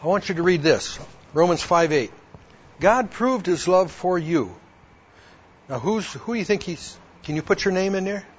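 A man with a slightly high, husky voice gives a personal testimony. He acts out both sides of an old conversation and reads verses aloud. The recording sounds dull and lo-fi. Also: lively intonation, normal speed. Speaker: speaker giving a personal testimony. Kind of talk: personal testimony told to a women's audience.

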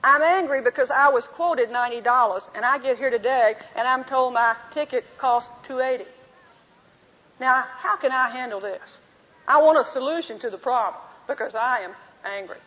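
A women's Bible teacher with a high voice gives a teaching talk to a women's group, telling anecdotes and acting out both sides of dialogues herself at a normal pace. It is a muffled, dull lo-fi old recording made in a big, reverberant hall.

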